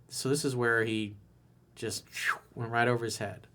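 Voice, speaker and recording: A man's voice: mid-range voice, fairly even intonation, moderate pace, fairly bright tone. A man coaching on dating, reading a viewer's email and replying bluntly and candidly with casual swearing.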